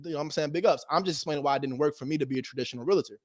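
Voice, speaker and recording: Brief: male investor-coach, slightly high voice, punchy repetitive motivational delivery, slang, quick laughs. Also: no echo, studio quality. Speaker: real estate investor teaching wholesaling. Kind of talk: motivational casual teaching.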